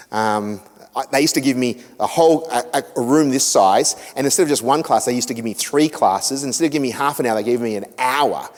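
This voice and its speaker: A middle-aged Australian man giving a seminar talk to a church group, an animated storyteller who acts out quotes with self-mocking humour. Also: mid-range voice. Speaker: guest speaker on family relationships. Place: church hall. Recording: echoey hall with long reverb.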